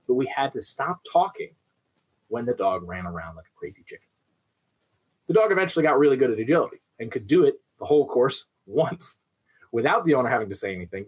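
A young man with a noticeably husky, rough-edged voice explains dog behavior in an instructional way. His pitch moves a lot as he talks, and he leans on everyday examples to make his points. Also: a little mellow, rough recording. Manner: explains with everyday examples, often asks "right?". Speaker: dog trainer. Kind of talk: instructional talk.

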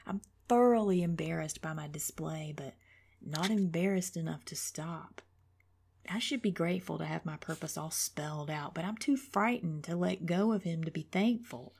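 A woman's voice: low-pitched, moderate pace, gravelly, darkish tone, husky. A woman author reading her own memoir aloud in a reflective way, often dropping to a whisper.

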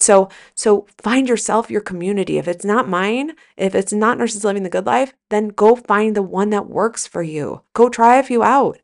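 Emphatic gravelly-voiced woman podcast host. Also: mid-range voice. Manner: emphatic, energetic, swears freely, repeats phrases for emphasis. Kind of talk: motivational podcast monologue.

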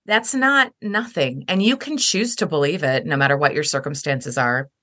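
A woman's voice: deep voice, moderate pace, sharp tone. A middle-aged woman speaking earnestly and reflectively as a podcast guest, livening up when she quotes others. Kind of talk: heartfelt conversation.

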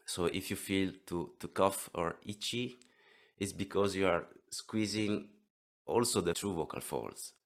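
Slow, deep-voiced Italian man teaching. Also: creaky. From Italy. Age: 30s. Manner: halting, restarts words, explains patiently. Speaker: throat singing teacher. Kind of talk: interview lesson.

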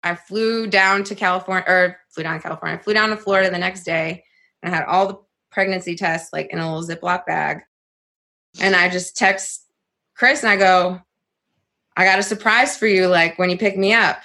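Bright-voiced young woman telling a story. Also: fairly low pitch, a little fast. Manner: animated, heavy use of "like", swears freely. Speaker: podcast guest. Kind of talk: casual storytelling interview.

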